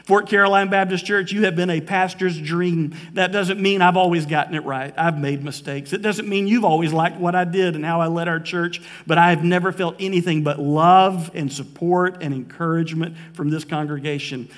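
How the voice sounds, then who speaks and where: A male pastor preaches from the pulpit, his voice sitting high and carrying heartfelt conviction. He slows down to press his key points and turns emotional at times. A long reverb fills the church sanctuary behind him. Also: fairly even intonation. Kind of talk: sermon. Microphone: live preaching mic.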